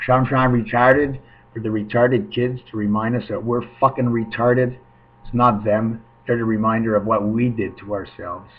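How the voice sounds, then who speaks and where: A man rambling in a free-associating monologue at home, swinging between murmurs and loud outbursts. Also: medium pitch, steady tone, moderate pace, breathy edge. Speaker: webcam vlogger. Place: at home, indoors. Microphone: webcam. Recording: muffled webcam audio.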